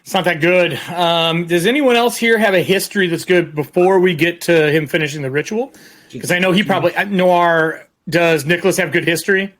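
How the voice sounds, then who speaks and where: Rambling game master man, slightly high voice. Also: fairly quick, fairly bright tone. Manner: descriptive, loose, with fillers and restarts. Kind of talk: narrating a tabletop game.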